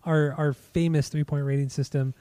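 A man's voice: fairly high pitch, flat delivery, normal speed, warm tone, no room sound. A man hosting a podcast in casual chat, laid-back with stammering restarts. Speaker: podcast host.

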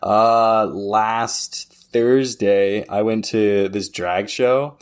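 Young male co-host, deep and low voice, rambling casual storyteller. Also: fairly even intonation, very slow, smooth. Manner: rambling, heavy use of "like". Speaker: podcast co-host. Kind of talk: casual chat.

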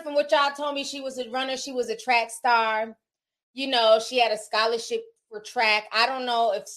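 A woman hosting a casual gossip livestream, talking to her chat in an animated, chatty way. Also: high voice. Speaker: streamer. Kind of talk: casual celebrity gossip stream.

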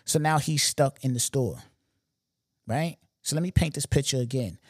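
A man's voice: mid-range voice, normal speed, husky, no echo. Slangy storytelling man, dry sound. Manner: animated, slangy, emphatic retelling with repeated asides. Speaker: podcast host. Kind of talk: casual storytelling monologue.

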